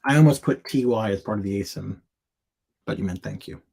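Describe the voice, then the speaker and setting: On his live show, a man reviews viewers' product listings, reading the on-screen text in fragments and chatting candidly with asides and jokes. He speaks fairly quickly in a fairly low, gravelly, darkish voice. A little hiss or hum is audible.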